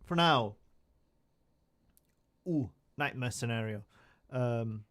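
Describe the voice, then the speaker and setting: A man's voice: medium pitch, animated, measured pace, pauses often. A young man chatting casually on a live stream from his room, rambling and joking at himself with many restarts.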